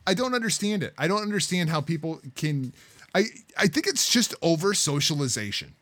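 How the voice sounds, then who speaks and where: A man hosting a casual podcast, ranting emphatically and cursing. His pitch swings widely from phrase to phrase, and the sound is dry and close. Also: very animated, fairly quick, fairly bright tone, no echo. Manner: exasperated, emphatic ranting, swears. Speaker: podcast host. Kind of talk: casual chat.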